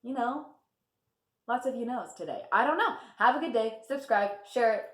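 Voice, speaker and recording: A young woman vlogger telling a work story in casual chat, laughing often and filling pauses. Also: fairly high pitch, lively intonation. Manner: chatty, laughs often, lots of fillers. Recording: echoey room.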